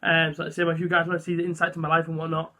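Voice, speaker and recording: Chatty young man, bright and high. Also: monotone, racing. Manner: chatty, self-deprecating, many fillers. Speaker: vlogger. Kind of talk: casual vlog chat.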